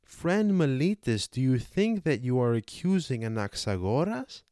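A man's voice: medium pitch, big pitch swings, measured pace, mellow, clear, resonant tone, dry recording, studio quality. A man reading the part of an aged male philosopher, cross-examining with rhetorical questions, for a dramatized audiobook. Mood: indignant.

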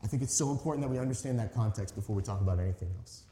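A man's voice: fairly low pitch, very fast, dark tone, a little hiss or hum. A man in his thirties preaching a sermon as a pastor, telling a story in a conversational, earnest way with emphatic stresses. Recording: echoey hall reverb.

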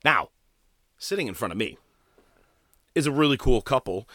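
A man hosting a podcast, telling a profane story in a casual, animated way. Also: medium pitch, moderate pace, no echo, clean studio sound. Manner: profane, animated storyteller, voices others in quotes. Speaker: podcast host.

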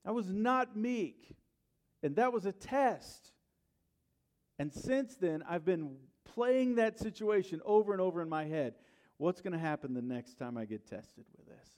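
With a highish voice, lively intonation and a normal pace, a middle-aged pastor recounts a personal story in his sermon. He speaks conversationally, alternating hushed asides with loud bursts.

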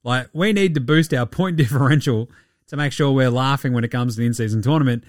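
A man with a mid-pitched voice runs a casual basketball recap from a dry, close-miked spot. He is irreverent and sweary, and he keeps the chat rolling with cheeky asides. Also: quick pace, no room sound. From Australia. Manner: irreverent, sweary, does mocking voices of players. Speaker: podcast host.

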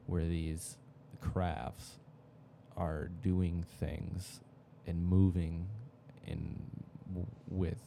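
A young man with a very deep, gravelly and dark voice chats on a podcast. He rambles, leans on fillers and swears now and then. A faint hum sits behind him. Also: flat delivery, very slow. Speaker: podcast co-host. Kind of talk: casual chat.

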